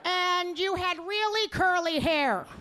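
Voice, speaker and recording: Woman doing a slow, dreamy older mother. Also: very high voice, bright, forceful tone, a little hiss or hum, voice pushed up, heavily acted. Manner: slow, drawn-out, absent-minded.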